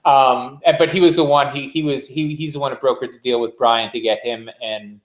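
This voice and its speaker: A chatty man rambles along in casual podcast talk and laughs easily. His voice sits at an ordinary middle pitch. The recording has a roomy echo around it. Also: fairly even intonation, fairly quick. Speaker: podcast co-host. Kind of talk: casual chat. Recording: echoey room.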